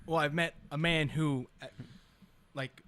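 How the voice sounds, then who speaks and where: A man's voice: a little high, steady tone, a little slow, a bit bright, dry recording. A man co-hosting a casual podcast, argumentative and swearing often in loose slang. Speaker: podcast co-host. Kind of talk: casual chat.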